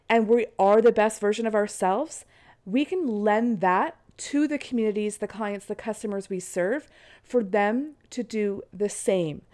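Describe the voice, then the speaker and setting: A woman's voice: a little high, a little mellow. A woman hosting her own podcast, chatty and encouraging, her voice stuffy and nasal from a cold, recording from bed at home. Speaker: podcast host. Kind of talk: casual solo podcast talk.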